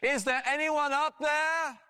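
A man's voice: extremely high pitch, fairly even intonation, slow, sharp tone, voice pushed up, full character voice. A man voicing a desperate man dangling from a cliff branch, crying out in a panicked, pleading way.

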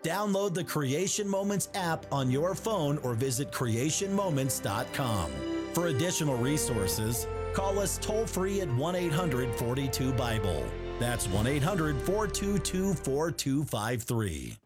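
Guy reading a radio promo, bit high voice, clear music bed under him. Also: big pitch swings, measured pace. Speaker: radio announcer.

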